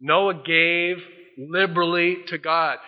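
A man's voice: a little high, fairly even intonation, takes it slowly. A male pastor preaching a folksy sermon, acting out the voices he quotes. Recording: dull old sermon tape in a large hall.

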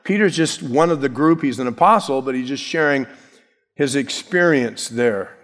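A man's voice: medium pitch, lively intonation, moderate pace, a bit bright, long reverb tail. A man preaching an expository sermon as pastor, emphatic, stressing key words and shifting his pace.

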